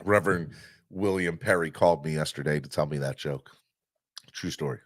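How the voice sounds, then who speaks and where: A man hosting a live sports fan podcast, talking in an animated, rambling way with many fillers. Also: rumbling low, normal speed, dry recording, studio quality. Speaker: podcast host.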